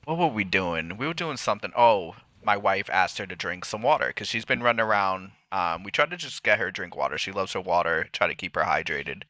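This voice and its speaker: A man with a very deep voice and a bright, forceful tone, talking casually on a podcast. He rambles a little and acts out family scenes in quotes. The sound is close and dry. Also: animated, brisk, few pauses, no room sound. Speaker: podcast co-host. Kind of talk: casual chat.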